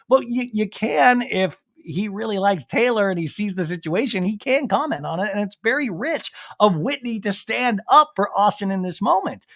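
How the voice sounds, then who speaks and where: A young man hosting a podcast, recapping reality TV in casual chat, animated and quick to quote people. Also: sits high.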